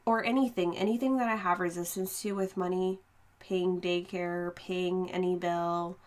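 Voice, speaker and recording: A woman co-hosting a casual podcast, her voice sitting a little on the low side. She rambles in a relaxed way, leans on "like" and acts out her own thoughts as she goes. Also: moderate pace. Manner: rambling, relaxed, frequent "like" and quoted self-talk. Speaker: podcast co-host. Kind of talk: casual chat.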